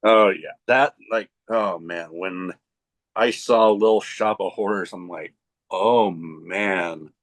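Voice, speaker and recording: A man's voice: deep voice, slow. A man hosting a casual podcast chat, easygoing and agreeable, often laughing along with his guest. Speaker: podcast host.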